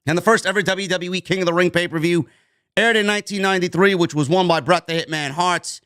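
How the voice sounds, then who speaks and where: A man with a rather high voice rants about the news as a podcast host. He is emphatic and blunt and swears without holding back. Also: fast, fairly bright tone, clear, resonant tone. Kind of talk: opinionated news rant.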